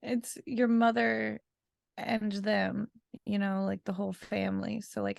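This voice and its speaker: A woman's voice: mid-range voice, little pitch movement, a little slow, vocal fry, a little mellow, no echo, clean studio sound. A woman co-hosting a podcast who chats casually and eagerly, with plenty of fillers. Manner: chatty, enthusiastic, with frequent fillers. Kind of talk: casual chat.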